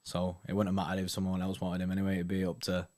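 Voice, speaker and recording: A man's voice: low voice, completely flat delivery, fast talker, a little mellow. A young man chatting casually as a host, rambling and often asking "do you know what I mean". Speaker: host reading viewer comments. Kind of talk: casual live-stream chat.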